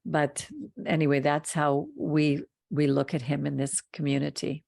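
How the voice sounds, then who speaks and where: A woman's voice: sits low, flat delivery, measured pace, vocal fry, a little mellow, dry recording, studio quality. A woman hosting a Torah study talk, speaking earnestly and with emphasis. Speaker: host of a Torah study program. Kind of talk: teaching talk and closing blessing.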